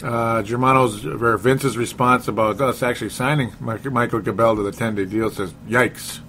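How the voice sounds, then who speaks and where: A man's voice: mid-range voice, steady tone, normal speed, fairly bright tone, a little hiss or hum. A man hosting a casual sports podcast. He reads listener comments aloud and laughs often. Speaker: podcast host.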